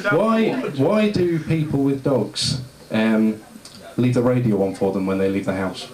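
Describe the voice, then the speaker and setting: A man performs stand-up with a medium-pitched, darkish voice that is animated yet measured in pace. He rambles, runs himself down for laughs and talks with the crowd, and the roomy venue carries the audience's laughter.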